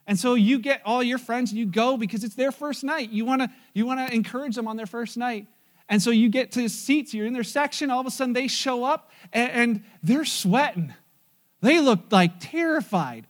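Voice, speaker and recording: High-voiced man preaching a lively sermon. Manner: animated storytelling, acts out diners and waiters. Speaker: pastor.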